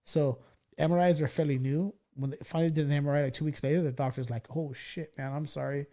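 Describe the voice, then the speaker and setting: A man in his forties from California, hosting a podcast and telling stories in a loose, profane, excitable way. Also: a little high, fast talker. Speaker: podcast host. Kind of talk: casual storytelling chat.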